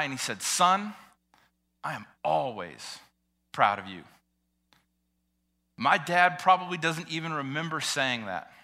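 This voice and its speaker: Bright-voiced earnest man preaching. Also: medium pitch. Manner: earnest, emotional, dynamic delivery with swells and drops. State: tearing up. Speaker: pastor. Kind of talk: sermon.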